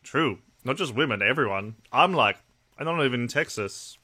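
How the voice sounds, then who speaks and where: An Australian man hosting a livestream, talking casually and bluntly to his chat. His voice is bright and forward, with a middling pitch and plenty of swearing. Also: lively intonation, brisk, slightly rough. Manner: blunt, profane, talks to chat. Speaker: livestream host.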